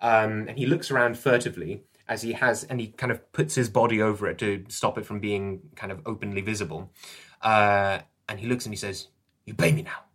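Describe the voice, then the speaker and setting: A man's voice: lowish voice, steady tone, fairly quick, a bit bright. A man running a tabletop role-playing game as game master, narrating in a rambling way with frequent laughs. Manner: rambling, laughs often, restarts sentences.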